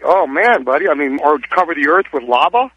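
A man calling into a radio show, excitable and folksy, heard over a phone line. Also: on the high side, a little fast, husky, no room sound. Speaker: caller. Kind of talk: radio call-in chat.

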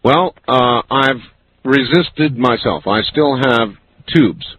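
A man hosting a call-in radio talk show, speaking in a slow, musing, conversational way. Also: medium pitch, slightly rough. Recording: lo-fi radio broadcast with faint hiss.

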